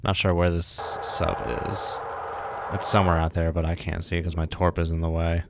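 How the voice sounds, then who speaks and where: Low, gravelly man streaming a game. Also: flat delivery, normal speed, very noisy. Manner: muttering, thinking aloud, self-deprecating. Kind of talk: casual live gameplay commentary.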